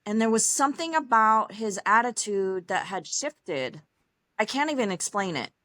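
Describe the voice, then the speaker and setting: Animated woman telling her story. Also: mid-range voice, normal speed, dry recording. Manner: animated, acts out quoted dialogue, frequent laughs and fillers. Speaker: podcast guest. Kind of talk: personal storytelling in an interview.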